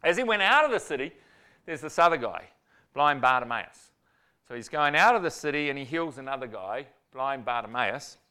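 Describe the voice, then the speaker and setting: A man preaching a sermon, telling stories in an animated way and acting out quotes with sudden loud bursts. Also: mid-range voice, normal speed, clean tone.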